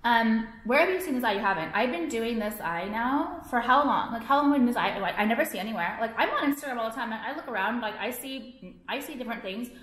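A woman's voice: a little high, lively intonation, fast, a bit bright. A young woman vlogging to her viewers, ranting in a profane, exasperated way and filling her talk with "like". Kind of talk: casual ranting to camera. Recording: echoey room.

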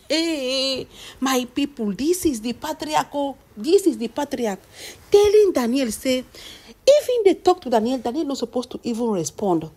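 A woman's voice: sits high, big pitch swings, normal speed, darkish tone. A woman with a Nigerian accent, retelling celebrity gossip in chatty storytelling, often calling out to her listeners. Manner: chatty, addresses audience as "my people".

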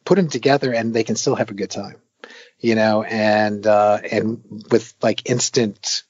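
Older game-designer guest, husky low voice, rambling and filler-heavy, dull lo-fi audio. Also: male voice, a little slow, no echo. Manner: rambling, many fillers, animated retelling of anecdotes. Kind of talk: casual interview talk.

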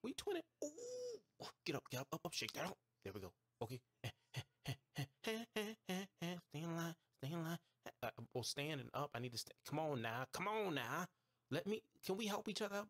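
A man hosting his own live game stream, trash-talking and reacting loudly as he plays. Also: on the high side, normal speed, no room sound, studio quality. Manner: excitable, talks back to the game, trash-talking; bursts into shouts and squeals when surprised. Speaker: gaming streamer host. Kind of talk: live gameplay commentary.

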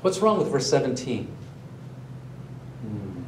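Pastor, male, mid-pitched, lively sermon delivery, recorded from a distance in a reverberant sanctuary with a faint hum. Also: takes it slowly. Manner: animated, asks the congregation questions. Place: church sanctuary, also streamed online. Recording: roomy echo, mic at a distance.

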